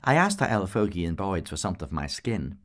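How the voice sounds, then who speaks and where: A man's voice: low-pitched, sing-song, fast talker, voice pushed up. A man voicing a saucy young barmaid who talks in a teasing, cheeky way.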